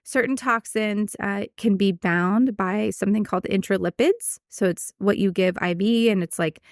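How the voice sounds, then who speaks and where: A woman's voice: medium pitch, moderate pace, dry recording, clean studio sound. Chatty woman vet hosting a podcast. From United States. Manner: chatty, explanatory, laughs easily. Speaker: veterinarian podcast host. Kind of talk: casual chat.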